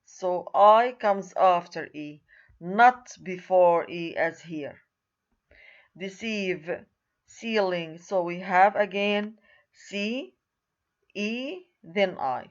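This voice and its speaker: A woman's voice: fairly low pitch, very slow, muffled recording. A woman lecturing on a recorded university writing lesson, who repeats key words and points at examples on screen.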